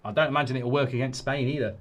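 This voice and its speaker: A man's voice: medium pitch, rapid-fire. A man hosting a live football watchalong, reacting in frustration, swearing and reading out viewer comments. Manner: exasperated, swearing, ranting at the game; reads viewer comments aloud. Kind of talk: live match reaction chat.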